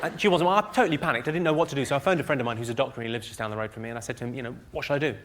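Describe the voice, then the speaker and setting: A man's voice: medium pitch, fairly even intonation, rapid-fire. A man telling dry, bawdy stand-up stories. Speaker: stand-up comedian. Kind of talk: stand-up comedy. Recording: loud noisy live recording.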